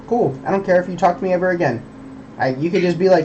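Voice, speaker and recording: A man's voice: high voice, fast talker, darkish tone, lo-fi sound, slight background noise. A young man streaming, rambling in casual chat, swearing a lot and preaching about belief.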